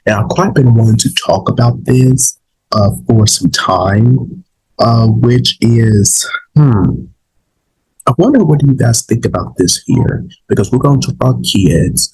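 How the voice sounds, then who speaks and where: A man's voice: medium pitch, measured pace, darkish tone, breathy edge, poor audio. A man, a little sick and saving his voice, talking casually to his viewers in a rambling way, with many fillers and restarts. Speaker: vlog host. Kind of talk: casual opinion talk to viewers.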